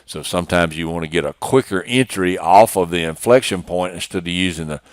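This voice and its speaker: A man's voice: deep voice, fairly quick, dry recording, studio quality. A man teaching day-trading chart setups in a plainspoken, matter-of-fact screen-share walkthrough, often restarting phrases. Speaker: trading instructor.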